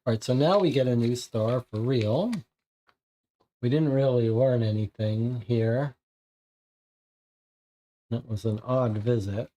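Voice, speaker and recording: A man's voice: medium pitch, slow, long pauses, dark tone. Man thinking aloud through a board game. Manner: thinking aloud, casual, reading text out. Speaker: streamer playing a co-op board game. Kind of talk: live game playthrough, reading cards and chat.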